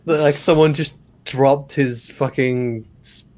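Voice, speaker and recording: A man with a mid-pitched voice co-hosts a comedy podcast and talks casually over a film. He picks out small details and makes offhand remarks about them. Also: steady tone, takes it slowly, darkish tone. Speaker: podcast co-host. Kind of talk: casual movie commentary.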